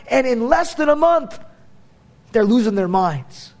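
A man's voice: very high voice, sing-song, unhurried, darkish tone. A man preaching a sermon as a pastor, conversational and emphatic, with casual fillers.

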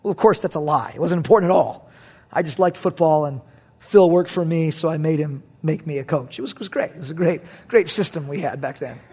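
A man preaching a sermon to his congregation, animated and swinging from loud bursts to hushed near-whispers. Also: a little high, fairly quick, husky. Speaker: pastor.

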